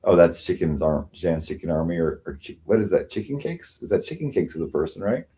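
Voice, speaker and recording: A man's voice: low-pitched, lively intonation, brisk, dark tone. A man hosting a livestream, ranting sarcastically and with self-pity, often mocking others. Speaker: livestream host. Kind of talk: rambling livestream rant.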